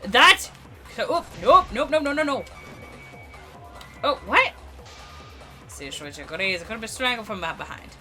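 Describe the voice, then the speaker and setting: A young woman hosting a let's play, reacting out loud in an excitable way. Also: fairly high pitch, measured pace, long pauses, faint music behind. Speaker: gaming video host.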